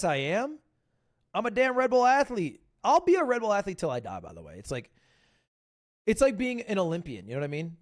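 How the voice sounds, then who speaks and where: A man hosting a livestream, chatting casually in a rambling, joking way with quick asides. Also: fairly high pitch. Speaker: livestream host. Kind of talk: casual reaction-stream chat.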